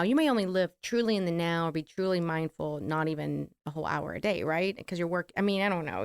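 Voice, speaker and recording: A middle-aged woman with a country American accent, talking through her thoughts on a podcast in a rambling, reflective way and laughing easily. Her voice sits a little low and sounds smooth and resonant. The recording is dry and close. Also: no echo. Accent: American rural. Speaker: podcast co-host. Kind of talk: casual chat.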